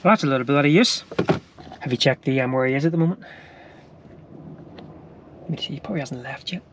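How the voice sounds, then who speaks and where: A man vlogging from a van stuck by the roadside, middle-pitched and easygoing. He teases his partner and cracks jokes, chuckling as he goes, with a faint background hiss. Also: quick pace. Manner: jokey, teasing, chuckles often. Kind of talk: casual travel vlog chat. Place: stopped van beside a road.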